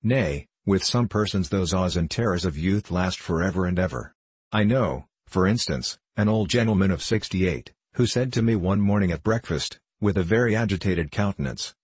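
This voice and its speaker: A man narrating a classic novel as an audiobook in a measured, even reading. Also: low-pitched, breathy edge, no room sound.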